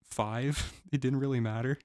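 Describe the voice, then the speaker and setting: A man's voice: mid-range voice, fairly even intonation, moderate pace, a little mellow, no echo, studio quality. Laid-back young man gaming and chatting. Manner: laid-back, swears, laughs easily. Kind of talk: casual chat while gaming. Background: keyboard and mouse clicks.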